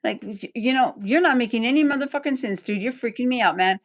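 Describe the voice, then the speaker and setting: A woman's voice: on the high side, quick pace. A woman livestreaming an angry, rambling rant, full of profanity.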